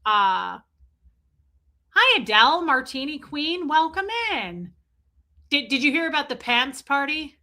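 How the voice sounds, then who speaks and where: A sarcastic woman hosting a live stream, chatting bluntly with her viewers. Her voice is bright and forceful and sits a little high. She greets chatters by name and rolls from scorn into chatty asides. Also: very animated, takes it slowly, pauses often. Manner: blunt, sarcastic, reads chat names aloud. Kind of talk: casual live-stream commentary.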